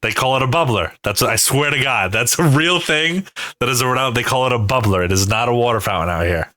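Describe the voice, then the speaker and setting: A man's voice: mid-range voice, a little fast. A man, chatting casually on a podcast and eagerly imitating regional pronunciations. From Rhode Island. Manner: animated, fond of imitating accents, profane. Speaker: podcast co-host. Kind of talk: casual chat.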